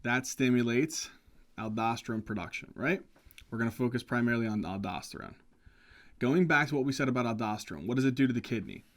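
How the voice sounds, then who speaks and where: An energetic man teaching pharmacology at a mid-range pitch. He keeps asking questions and checks in with his listeners often. The delivery is casual and conversational. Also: fast talker. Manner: energetic, asks the class questions, says "right?" often. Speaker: medical lecturer. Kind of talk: whiteboard lecture.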